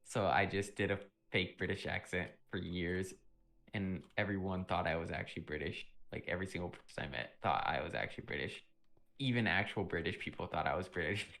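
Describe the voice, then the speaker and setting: A young man streaming a game, chatting casually and telling rambling stories while often clearing his throat. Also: deep voice, brisk, fairly bright tone. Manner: rambling, laid-back storytelling with frequent throat clearing.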